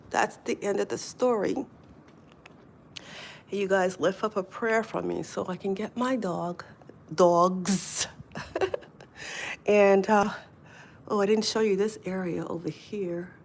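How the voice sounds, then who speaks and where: Chatty woman livestreaming outdoors in snow. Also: lowish voice. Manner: chatty, laughs often. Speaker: livestream host. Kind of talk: casual livestream chat. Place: outdoors in snowy weather. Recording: faint wind noise outdoors. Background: wind.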